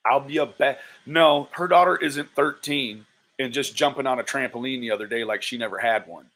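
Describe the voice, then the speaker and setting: A man doing live-stream commentary, exasperated and swearing, with slow, disbelieving exclamations. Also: mid-range voice, fairly bright tone.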